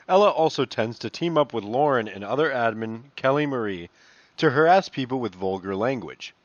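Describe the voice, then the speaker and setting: A man reads posts aloud in a casual commentary voice and breaks off into swearing and mockery. His pitch sits in a middle range. The sound is dull and slightly lo-fi, dry and close with no room echo. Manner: profane, mocking asides between read-out messages. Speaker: commentator reading online posts.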